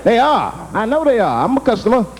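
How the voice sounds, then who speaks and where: A young man doing a stand-up set on a club stage, telling stories in an animated way and slipping into character voices. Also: extremely high pitch, a little fast, noisy background. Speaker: stand-up comedian. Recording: live comedy taping with audience. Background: crowd laughter.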